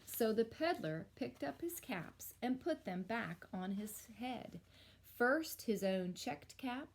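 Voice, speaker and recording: A woman teacher reading a picture book aloud to children, with expressive storytelling and little asides. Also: on the high side, slow pace. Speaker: elementary school teacher.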